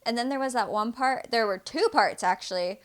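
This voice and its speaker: Chatty, giggly woman on a podcast. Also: a little high. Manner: chatty and giggly, quick to laugh. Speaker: podcast co-host. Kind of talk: casual chat.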